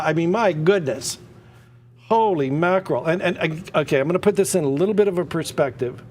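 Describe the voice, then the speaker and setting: A man hosting a live-streamed art auction, excitable and prone to rambling tangents. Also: on the high side, a little fast, a little hiss or hum. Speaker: auction host.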